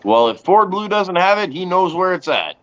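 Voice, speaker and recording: A man in a casual group chat who keeps throwing in crude one-liners and laughing at them himself. His voice sits notably high for a man. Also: big pitch swings, moderate pace, fairly bright tone, dull audio. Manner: crude joking, laughs at own jokes.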